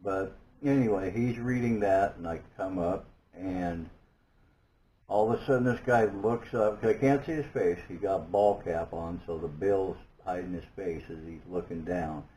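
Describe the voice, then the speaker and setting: A man giving a personal testimony, halting and earnest, searching for words with many restarts. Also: sits low, dark tone, slight background noise, poor audio. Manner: earnest and awed. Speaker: guest telling his story.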